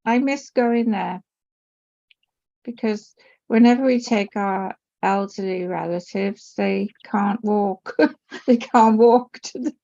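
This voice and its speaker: A woman speaks slowly on a video call, her voice gravelly and husky. Her tone is dark and mellow. The audio is dull and lo-fi. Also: medium pitch. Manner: slow, short replies. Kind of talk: casual chat.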